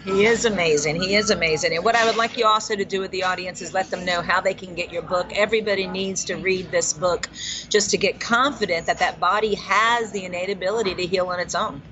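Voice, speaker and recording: A woman host with a somewhat low voice echoes and affirms her guest. The sound is dull and lo-fi, with crowd noise clearly heard behind her. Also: steady tone, fast.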